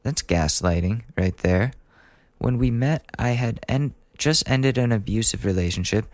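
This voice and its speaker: A man in his twenties hosts a casual advice podcast, reading out listener letters and joking about them in a chatty way while laughing at his own lines. His voice is medium in pitch and unhurried, recorded dry.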